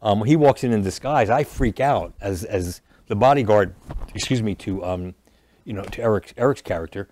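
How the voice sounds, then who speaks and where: A man, an actor and comedian, telling animated stories as a guest in a casual studio interview. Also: on the low side, normal speed. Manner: animated storyteller who jokes and restarts lines.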